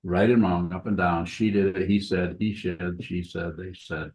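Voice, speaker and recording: Man, Zen teacher, dharma talk, low voice, conversational and repetitive. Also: steady tone, normal speed, a little mellow.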